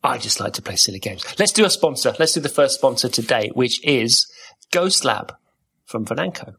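A man's voice: mid-range voice, expressive, moderate pace, creaky, bright, forceful tone, husky. A man hosting a podcast in casual chat, a playful, rambling storyteller. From Wales. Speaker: podcast host.

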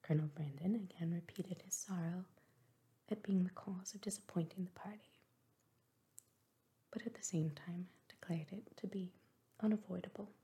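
A woman narrating a classic novel softly in a whispered role-play reading. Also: on the low side, normal speed, long pauses, husky. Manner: soft-spoken, whispered.

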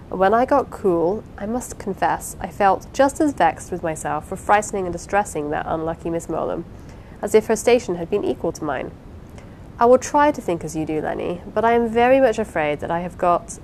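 A woman reading the part of an impulsive, warm-hearted young wife in an audiobook, with an eager, pleading, apologetic manner. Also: medium pitch, slight background noise, lightly acted, low-quality recording.

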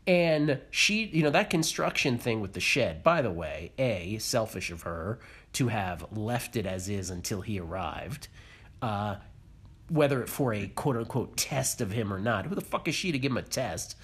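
Male podcast co-host, husky voice with a lively swinging pitch, blunt and opinionated, swears freely. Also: moderate pace. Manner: opinionated, swears, mimics people. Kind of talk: casual reality-TV recap chat.

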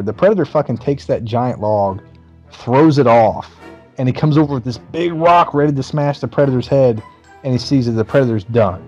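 A man's voice: mid-range voice, fairly quick, muffled recording, faint music behind. A man casually recapping a movie plot, telling it with lots of swearing and acting out the lines. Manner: animated storytelling with profanity, acts out movie lines.

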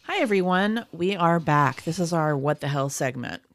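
A woman's voice: sits low, animated, moderate pace, no room sound, soft background music. A woman hosting a casual podcast, leading the segments and laughing often. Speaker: podcast co-host. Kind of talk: casual chat.

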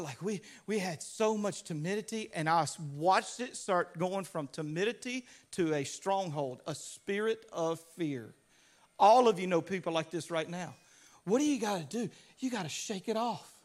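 A man preaching a sermon, building to energetic shouts and acting out quotes as he calls to the congregation. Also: very high voice. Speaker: pastor.

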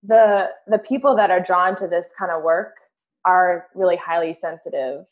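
A woman hosting a casual conversation, earnest and lively when she tells a story. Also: fairly low pitch, normal speed. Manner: earnest, animated when telling stories.

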